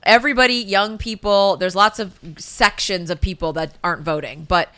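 A woman's voice: medium pitch, normal speed, sharp tone. A woman co-hosting a podcast in casual chat, blunt and profane with laughing asides. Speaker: podcast co-host.

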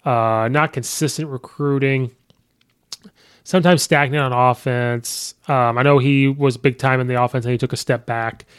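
Smooth-voiced man talking college football. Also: mid-range voice, steady tone, moderate pace, no room sound, clean studio sound. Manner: conversational, thinks aloud with ums and you-knows. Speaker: sports podcast host. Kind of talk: casual sports podcast commentary. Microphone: podcast microphone.

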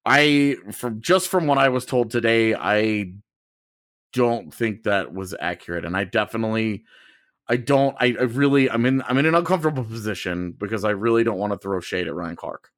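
A man's voice: on the low side, normal speed, dry recording. Podcast host man, casual chatty talk, restarts sentences, dry close sound. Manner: rambling, self-correcting, animated.

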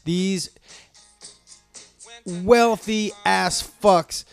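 A man's voice: sits high, extremely slow, vocal fry, smooth. A man delivering an angry, profanity-heavy, stream-of-consciousness rant to his viewers. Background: faint music playing.

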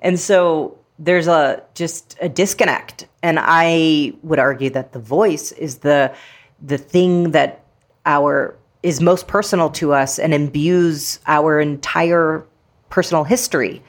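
A woman's voice: sits low, takes it slowly. A woman guest, an actress and author, talking in a chatty, playful way with many fillers in a casual interview.

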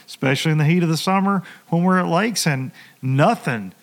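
A man's voice: a little high, fairly quick. A man with a Tennessee Southern accent hosting a casual chat, laid-back and telling stories, saying "dude" and "like" often. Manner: laid-back, storytelling, says dude and like a lot. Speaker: podcast host.

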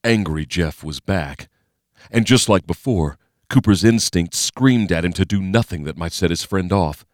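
Deep male narrator, steady and measured, dry close-mic sound. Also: no room sound. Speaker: audiobook narrator. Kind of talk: scripted narration.

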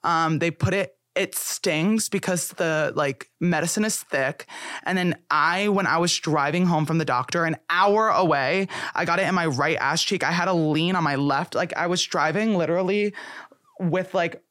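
A young man hosting a podcast with a fairly high voice, talking candidly and casually with plenty of "like" fillers. His voice sits dry and close to the mic. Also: normal speed, pushed and bright, dry recording. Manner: candid, chatty, dotted with "like". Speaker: podcast host. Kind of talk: casual chat.

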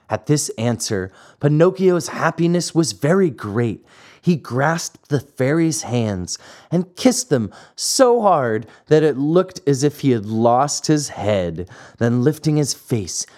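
A man narrating a classic fairy tale audiobook in a slow, expressive storytelling manner. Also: medium pitch. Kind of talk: scripted narration.

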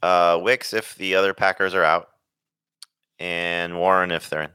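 Low voiced guy on a fantasy pod, bright crisp sound, short to the point answers. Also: level tone, measured pace, no echo. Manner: brief, matter-of-fact answers. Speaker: podcast co-host. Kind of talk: casual chat.

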